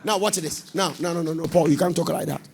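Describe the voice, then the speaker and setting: A man with a Ghanaian accent preaching a sermon with fervor, shouting and half-singing his lines and swinging his pitch widely. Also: fast, vocal fry. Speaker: prophet preaching.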